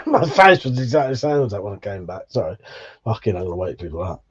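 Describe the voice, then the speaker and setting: A man's voice: lowish voice, big pitch swings, brisk, slightly rough. A man hosting a livestream, reading viewer messages aloud and bantering with lots of swearing and jokes. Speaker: livestream host. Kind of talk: casual live chat reading viewer messages.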